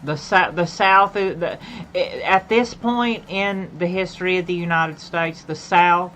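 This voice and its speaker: A woman's voice: lowish voice, unhurried, fairly bright tone, slight background noise, poor audio. A woman from Appalachia with an Appalachian accent, chatting casually on a gaming stream and rambling, often repeating and restarting her phrases.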